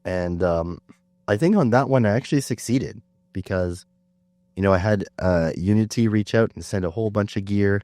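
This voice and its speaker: Man, very low voice, sick, podcast host, casual chat, chatty, dry close sound. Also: normal speed, no echo. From Canada. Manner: relaxed, chatty, self-deprecating with fillers. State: sick, under the weather.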